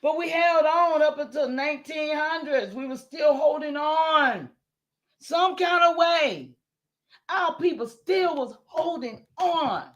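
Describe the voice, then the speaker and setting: A woman's voice: high voice, animated, slow pace, muffled recording. A woman hosting a livestream, talking straight to her viewers, emphatic and repeating herself, swearing when heated and then apologising. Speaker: livestream host.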